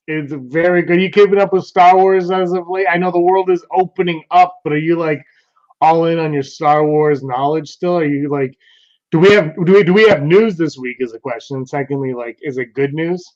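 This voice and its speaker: A man's voice: fairly high pitch, normal speed, a little mellow. A man co-hosting a podcast in casual, rambling chat, laughing a lot. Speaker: podcast co-host. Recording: dull lo-fi sound.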